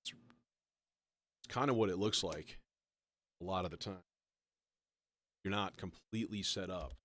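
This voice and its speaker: A man's voice: low-pitched, unhurried, fairly bright tone, no echo. A man hosting a livestream, chatting casually and rambling as he works, often swearing and poking fun at himself. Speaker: livestream host building a modular synth. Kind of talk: casual livestream chat while working.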